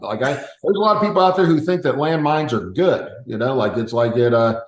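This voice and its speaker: A man in the middle of the usual pitch range chats easily as a podcast host, tossing in wry asides. His voice carries a roomy echo. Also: animated, fast talker, few pauses. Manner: laid-back, wry asides. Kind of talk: casual chat.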